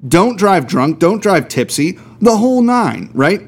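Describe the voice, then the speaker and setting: A man co-hosting a casual beer podcast, ranting with heat and blunt swearing. His voice sits a bit high and moves widely, rising sharply on the points he stresses. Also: very animated, unhurried. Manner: heated, profane, emphatic. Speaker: podcast co-host.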